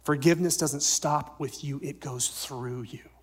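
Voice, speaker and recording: A male pastor giving a sermon, swinging from loud emphatic lines to soft near-whispers and asking the congregation questions. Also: on the high side, fairly even intonation, a little slow. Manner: asks the congregation rhetorical questions.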